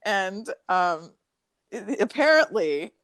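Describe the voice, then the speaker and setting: A woman's voice: medium pitch, slow, no room sound. A young adult woman, a podcast guest, telling a personal story in casual chat, full of fillers and swearing. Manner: profane, filler-heavy, animated retelling.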